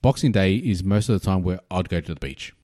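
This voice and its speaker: A man's voice: sits low, brisk, mellow, no echo, studio quality. An Australian man co-hosting a casual podcast chat, easygoing and agreeable. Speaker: podcast co-host.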